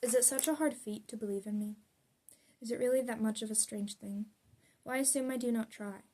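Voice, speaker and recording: A woman's voice: on the high side, brisk, warm tone. A young adult woman reading her own poems aloud in an earnest, confessional way. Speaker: poet.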